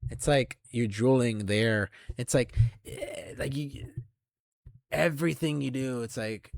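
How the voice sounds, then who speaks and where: A young man ranting to camera in an aggressive, taunting, heavily profane monologue that swells into shouts. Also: medium pitch, takes it slowly, creaky, no echo, clean studio sound. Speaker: channel host.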